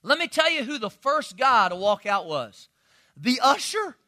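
A man preaching a sermon as pastor, telling a story with animated delivery and acting out members of his congregation. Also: very high-pitched, unhurried.

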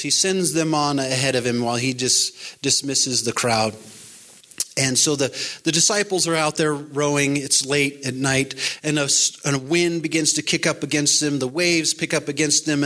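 A man's voice: on the high side, pushed and bright. A man delivering an earnest, encouraging sermon as a pastor, quoting scripture along the way. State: pandemic-era address.

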